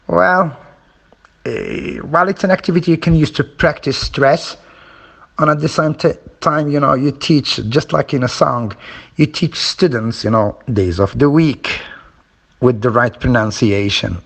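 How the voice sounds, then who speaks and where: A man's voice: mid-range voice, a little slow, gravelly, slightly rough. A man giving a phonology lesson, explaining stress and rhythm and drilling examples aloud, with frequent fillers. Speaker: teacher.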